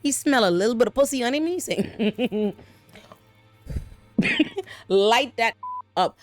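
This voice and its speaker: A woman hosting a casual TV episode breakdown, talking in an animated, slangy, profane way with frequent exclamations. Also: fairly high pitch, unhurried, no room sound, faint music behind. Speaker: show recap host.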